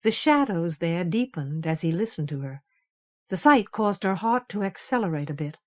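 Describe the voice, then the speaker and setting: Woman audiobook narrator, steady and even, fantasy novel reading. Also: on the low side, normal speed. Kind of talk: scripted narration.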